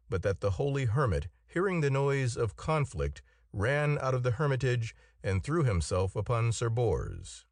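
A man narrating an old tale in a measured, expressive reading. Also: medium pitch, dry recording, clean studio sound. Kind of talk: storybook narration.

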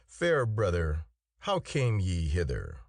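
A man's voice: sits low, huge pitch swings, slow pace, vocal fry, no room sound, studio quality, voice pushed down, exaggerated voice. A man voicing a humble, sorrowful knight in a storybook reading, speaking earnestly. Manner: earnest, entreating.

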